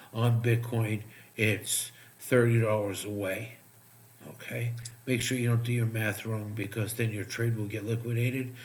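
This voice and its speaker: A man giving profane, sarcastic live trading commentary, muttering asides as he checks charts, while his voice is going hoarse. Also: lowish voice, a little hiss or hum. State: losing his voice. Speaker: crypto trading streamer.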